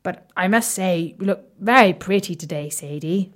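A woman voicing a nervous, polite frog prince in a children's storybook, with a croaky voice. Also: lowish voice, moderate pace, lightly acted. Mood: flattering.

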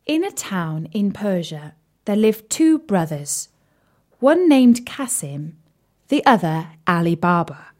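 A young woman telling a children's story in a playful, animated way, sometimes dropping to a whisper. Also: fairly low pitch, takes it slowly.

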